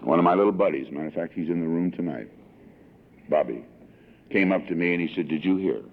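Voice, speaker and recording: A man's voice: low voice, fast, vocal fry. A man in his sixties from Southern California giving a heartfelt personal testimony at a recovery meeting, telling his story with emotional swells. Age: 60s. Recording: tinny lo-fi 1982 archive tape.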